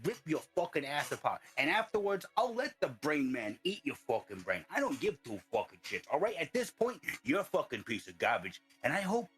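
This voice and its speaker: A man's voice: fairly high pitch, big pitch swings, fairly quick, few pauses, a bit bright, slightly rough, soft background music, exaggerated voice. A man playing a foul-mouthed, belligerent brawler who rants and taunts nonstop in a tabletop game. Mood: taunting. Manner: swearing constantly, taunting, ranting.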